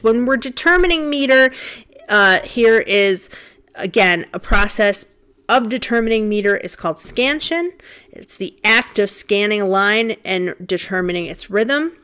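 A woman's voice: mid-range voice, fairly bright tone, clear, resonant tone. A woman teaching a literature class in a recorded lecture, casual and conversational, thinking aloud with frequent ums as she counts out beats. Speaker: literature instructor. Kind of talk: recorded lecture over slides.

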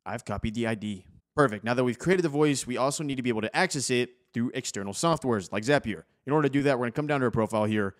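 Fast-talking, upbeat young man. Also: medium pitch. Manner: upbeat, chatty, says "y'all". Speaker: host. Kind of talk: casual tech tutorial.

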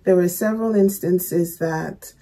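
Slow-talking woman reacting to a film. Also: fairly low pitch, warm tone, slightly rough. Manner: chatty, reacting aloud with laughs and exclamations. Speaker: movie reactor. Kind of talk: reaction commentary.

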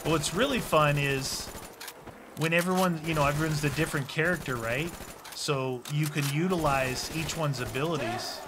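A man co-hosting a gaming channel, chatting excitedly while playing a co-op game. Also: a little high, normal speed. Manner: chatty, excitable, talks over gameplay. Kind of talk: casual gameplay chat. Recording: game audio noise behind.

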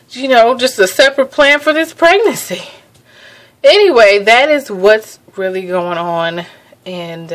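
A young woman talks casually to her viewers in a vlog. She sounds a little out of breath, chatty and easily amused, breaking off sentences and starting them again. Her voice sits at an ordinary pitch for a woman. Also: fairly bright tone. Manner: chatty, laughs often, restarts sentences. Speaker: pregnancy vlogger.

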